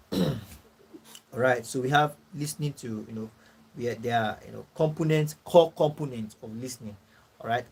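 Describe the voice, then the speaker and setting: A man with a Nigerian English accent teaching a course class, repeating his points, clearing his throat and checking in with "all right" and "you know". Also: medium pitch, a little mellow, a little hiss or hum, low-quality recording. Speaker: course tutor. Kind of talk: classroom lecture.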